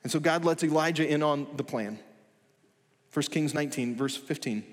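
A man delivers a sermon in a somewhat high voice, building his points with one rhetorical question after another. He speaks with steady emphasis. His words trail off into the long reverb of a large church hall. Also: normal speed. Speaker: pastor.

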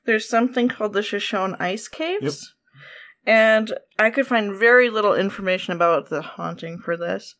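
A lively young woman talks through local ghost stories as a podcast host. She is chatty and quick to laugh, with a voice sitting in the middle of the range. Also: medium pitch. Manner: chatty and animated, laughs easily. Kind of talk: casual chat, reading a friend's ghost story aloud.

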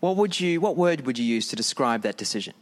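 A man's voice: mid-range voice, animated, fast talker. A middle-aged man preaching a conversational sermon as pastor and leading prayer.

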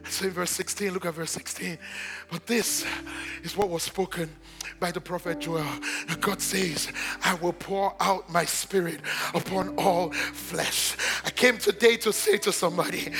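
A man preaching a sermon as pastor, in a sing-song cadence that repeats phrases and builds to shouts. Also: high-pitched, fairly even intonation, measured pace, creaky, faint music behind.

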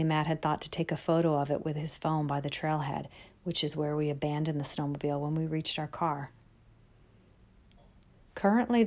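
Woman, deep low voice, scripted suspense narration, calm and measured. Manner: calm, measured first-person storytelling. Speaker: writer and narrator.

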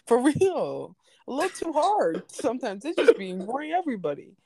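A woman's voice: sits high, very animated, normal speed, dark tone, slightly rough. A young woman telling a story in casual chat, laughing often and acting out the people she quotes. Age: young adult.

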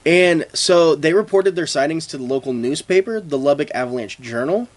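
A man's voice: a little high, lively intonation, normal speed. A man co-hosting a casual podcast, reading story notes and joking around with imagined dialogue. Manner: jokey, playfully acts out imagined dialogue. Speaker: podcast co-host.

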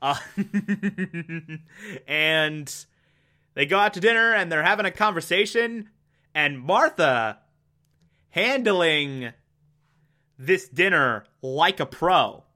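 A man's voice: a little high, lively intonation, slow pace, long pauses, sharp tone. A man giving a casual, chatty recap of a TV episode, laughing often and using lots of fillers. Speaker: podcast host.

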